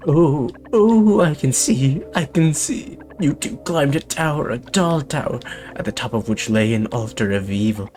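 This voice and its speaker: A man's voice: mid-range voice, animated, a little mellow, slight background noise, pitched above the performer's own voice, lightly acted. A man putting on a theatrical young fortune teller. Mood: mysterious. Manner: dramatic, mysterious, drawn-out.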